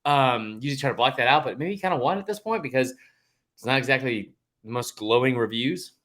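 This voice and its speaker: A man's voice: mid-range voice, animated, a little fast, a bit bright. A man in casual sports podcast chat, voice sitting in an ordinary middle register. He gets heated and emphatic, piling up restarts and fillers as his points tumble out, and he swears once he is fired up. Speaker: podcast co-host.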